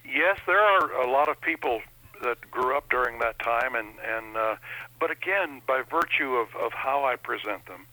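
A man's voice: mid-range voice, expressive, moderate pace, bright, forceful tone, no echo, poor audio. A man being interviewed as an impressionist, telling stories in a chatty, folksy way. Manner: chatty anecdotal storyteller, folksy. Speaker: impressionist guest. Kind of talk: interview chat.

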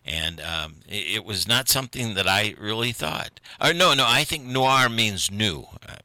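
This is an older man, chatting alone on local radio. He rambles, chuckles, and pokes fun at himself. His voice sits low but cuts with a strikingly bright, forceful edge, recorded close and dry. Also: expressive, a little slow, dry recording. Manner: folksy, chuckling, self-deprecating, meandering. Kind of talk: rambling solo radio chat.

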